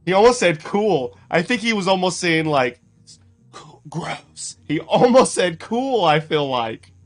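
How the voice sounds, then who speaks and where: Male streamer, higher-pitched, casual and giggly, faint music behind. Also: lively intonation, normal speed. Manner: chatty, laughs often, greets chat by name. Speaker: streamer reacting to clips. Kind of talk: casual live-stream commentary.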